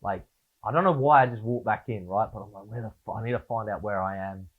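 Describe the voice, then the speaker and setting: A man's voice: lowish voice, quick pace. A man with an Australian accent, a guest telling laid-back, swear-heavy stories in a casual interview. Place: studio. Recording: phone-like lo-fi sound.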